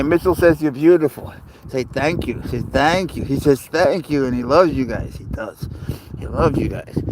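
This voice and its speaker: A man's voice: mid-range voice, noisy background. Older male streamer, rambling and chatty, reads chat comments aloud in a casual livestream. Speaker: livestreamer with a pet cat.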